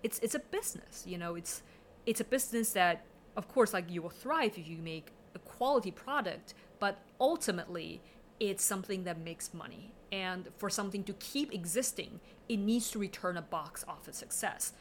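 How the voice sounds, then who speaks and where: A woman's voice: mid-range voice, lively intonation, moderate pace, a little hiss or hum. A woman talking casually and analytically about movies, with plenty of fillers. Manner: chatty, analytical, many fillers. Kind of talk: casual film discussion.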